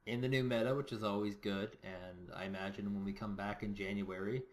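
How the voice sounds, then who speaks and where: A man co-commentating a strategy game match in a relaxed, joking way. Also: fairly low pitch, brisk. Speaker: game caster. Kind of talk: esports commentary.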